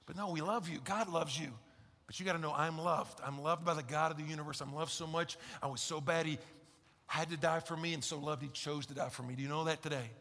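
A male pastor preaching a conversational, emphatic sermon in a large church, swinging from loud to hushed. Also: fairly high pitch, steady tone, quick pace. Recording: long hall reverb in a church.

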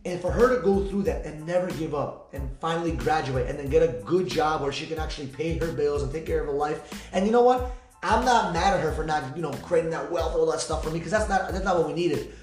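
A man hosting a podcast, speaking fast and heartfelt in an emotional personal monologue, repeating himself and swearing freely. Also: on the high side. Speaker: podcast host. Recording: echoey room with faint music.

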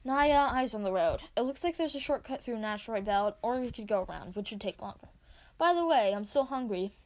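A woman's voice: fairly high pitch, lively intonation, fairly quick. Chill hungry lizard guy, mild way of talking, a woman doing it. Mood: calm.

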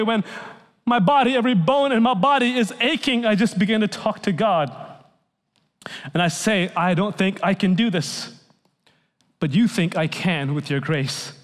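A male pastor preaching an earnest sermon, telling stories and dropping to a soft, hushed voice when he quotes people. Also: high-pitched. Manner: earnest storytelling preacher, drops to soft near-whispers for quotes. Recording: long hall reverb.

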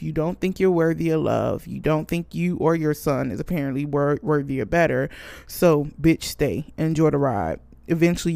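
A woman's voice: low voice, vocal fry, dark tone, no echo. A woman hosting a casual podcast, answering a listener letter and telling a brash, profane comic story full of sound effects. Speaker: podcast host.

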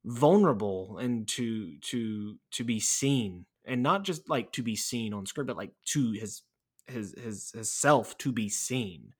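Enthusiastic man talking films. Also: mid-range voice. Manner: enthusiastic, animated retelling. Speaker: podcast co-host. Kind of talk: casual film discussion.

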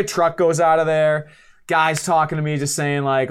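Speaking smoothly at a moderate pace in a fairly high voice, a twenty-something podcast guest recounts a story conversationally. He performs the quotes, curses, and laughs at his own expense, all with lively energy.

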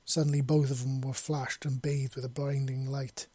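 A man's voice: mid-range voice, level tone, moderate pace, warm tone, husky, dry recording. A man narrating his own fan fiction in a casual, sweary storytelling manner. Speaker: narrator, podcast author.

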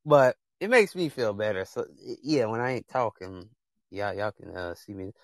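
A man's voice: fairly low pitch, lively intonation, moderate pace, dry recording. Young man, AAVE speech, podcast host, passionate rambling advice, dry close sound. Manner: passionate, rambling, talks straight to viewers. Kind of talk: casual chat, preachy advice.

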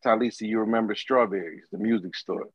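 A man's voice: fairly low pitch, fast talker, no echo, dull audio. A man co-hosting a podcast, starting a short story in loose, casual chat.

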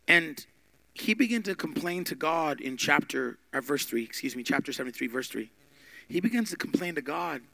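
A man preaching a sermon with emphatic delivery, swinging between loud and hushed. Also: fairly high pitch, expressive, normal speed, creaky, no echo. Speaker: pastor.

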